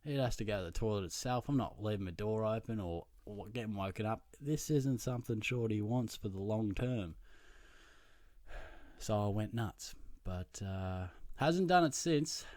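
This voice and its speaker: A young Australian man, a podcast host, telling a profane, self-mocking anecdote in a casual, animated way. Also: on the low side, normal speed, no echo, studio quality. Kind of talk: casual storytelling.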